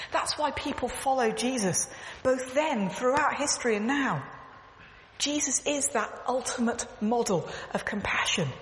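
A church speaker with a slightly high, fairly bright voice gives an emphatic, earnest sermon, telling stories and repeating phrases. The clip-on mic echoes, and the hall adds reverb and faint background noise.

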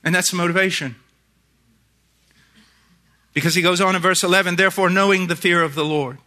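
A middle-aged man preaching a sermon, moving between hushed, intense passages and shouted emphasis. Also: high-pitched, steady tone, brisk.

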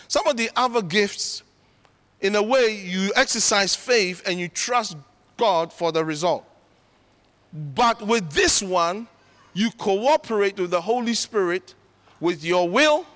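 A middle-aged man delivers a sermon in a high, bright voice. He talks in an earnest, conversational way and presses hard on his points. His voice carries the long reverb of a big church hall. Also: expressive, measured pace. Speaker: preacher.

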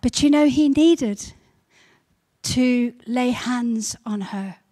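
A woman pastor giving a sermon, building to loud repeated emphasis. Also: fairly high pitch, slow.

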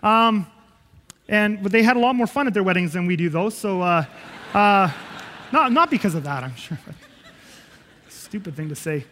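High-voiced man preaching in a reverberant hall. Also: normal speed, pauses often. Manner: animated storyteller, acting out scenes, swinging from loud to quiet. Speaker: pastor. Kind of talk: sermon.

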